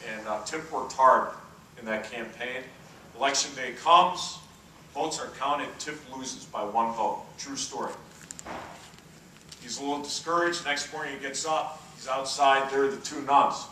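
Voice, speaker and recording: A man's voice: medium pitch, unhurried, pushed and bright, a little hiss or hum. A man in his fifties giving a keynote at a conference, telling stories and checking in with the audience. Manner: anecdotal storyteller, checks in with the audience. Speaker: keynote speaker. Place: conference hall. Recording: echoey hall from far off.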